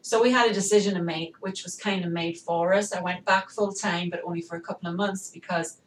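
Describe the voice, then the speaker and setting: A woman's voice: fairly low pitch, steady tone, fairly quick, slight background noise. A woman with an English accent, a military spouse, talking reflectively in a casual podcast conversation. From England. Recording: roomy, distant mic, faint ambience.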